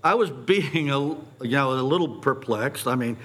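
A middle-aged man preaching a sermon, posing animated rhetorical questions and stumbling over repeated words when excited. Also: mid-range voice, moderate pace, breathy edge. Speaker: pastor.

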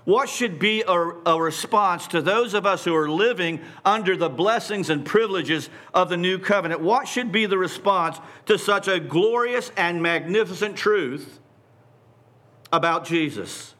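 Male preacher, fairly high voice, unhurried, emphatic sermon delivery. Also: bright, forceful tone. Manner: deliberate, emphatic, repeating phrases for stress.

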